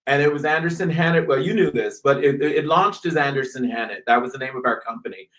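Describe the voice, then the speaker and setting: A man's voice: medium pitch, fast talker. A man from the American South, a fashion designer who is a guest on a radio interview and tells stories animatedly, often restarting his sentences. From US South, North Carolina. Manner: animated storytelling with many restarts.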